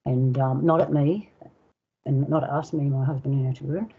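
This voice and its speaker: An older woman with an Australian accent, a guest elder telling a personal story in unhurried casual talk, acting out voices and sounds. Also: extremely low pitch, steady tone, husky, highs cut off. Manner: unhurried, acts out dialogue and sounds.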